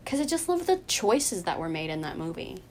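A woman's voice: lowish voice, sing-song, a little fast, slight background noise. A young woman in casual chat, gushing with lots of fillers and laughter.

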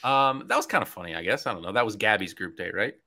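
A young man with a bright, forceful and fairly low voice co-hosts a casual podcast. He teases his friends playfully as they recap a dating show. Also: lively intonation, fast. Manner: playful, teasing. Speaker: podcast co-host. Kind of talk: casual reality TV recap chat.

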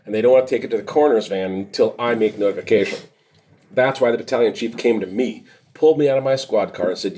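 A middle-aged man, a retired police officer, co-hosting a podcast and telling a long story in a rambling, animated way, swearing and laughing often. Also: lowish voice. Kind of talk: casual storytelling chat.

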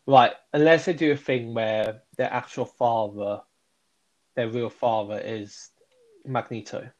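A man's voice: mid-range voice, steady tone, a little slow, darkish tone, highs cut off. A man co-hosting a podcast, talking casually about films with lots of hesitation and agreement. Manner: hesitant, many fillers, agreeable. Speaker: podcast co-host. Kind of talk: casual film chat.

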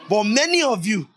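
High-voiced preacher. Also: male voice, a little hiss or hum. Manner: lively and conversational, often laughing and asking the audience questions. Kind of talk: sermon.

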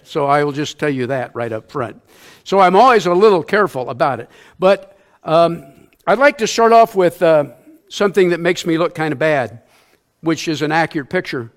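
Older man preaching, folksy and high-voiced. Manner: self-deprecating, folksy storyteller; acts out sounds and quotes in his stories. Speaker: church elder preaching. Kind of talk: sermon with personal storytelling.

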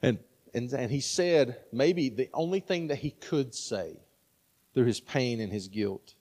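A man's voice: mid-range voice, animated, a little slow, mellow, long reverb tail. A man in his thirties preaching a sermon in a conversational way, often checking in with "right?". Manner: conversational, frequent "right?" asides. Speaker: pastor.

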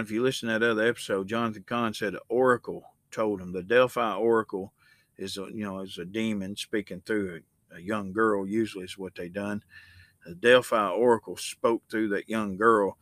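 A man's voice: lowish voice, bright, forceful tone, dry recording. A man hosting a Christian podcast, talking in a loose, rambling way and reading scripture aloud with rising emphasis. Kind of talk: casual spoken sermon.

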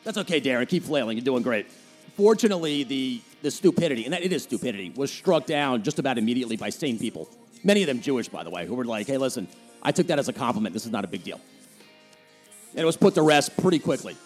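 Fast, sarcastic New Jersey man. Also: mid-range voice, very animated, faint music behind. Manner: sarcastic, heated, mocking. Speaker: podcast host. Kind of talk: opinionated solo podcast rant.

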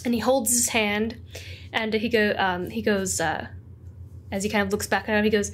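A woman's voice: medium pitch, little pitch movement, moderate pace, slight background noise. A woman narrating a tabletop game as game master, rambling with many fillers.

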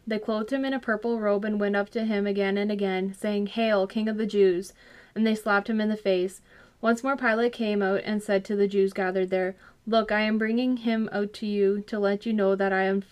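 A woman reading a scripture passage aloud in plain narration, now and then restarting a phrase. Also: mid-range voice. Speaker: scripture reader.

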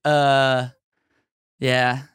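A man's voice: medium pitch, little pitch movement, drawn-out words, a bit bright, clear, resonant tone, no echo. A man from Minnesota telling rambling, swear-filled comedic stories in casual podcast chat. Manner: rambling, swears, says dude and like a lot.

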